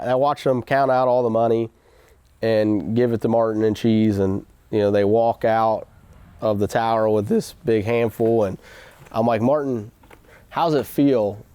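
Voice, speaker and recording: A man's voice: lowish voice, flat delivery, measured pace, dark tone, smooth, dry recording. A man hosting a casual motivational talk, telling a story in a rambling way with restarts and quoted asides. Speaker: host.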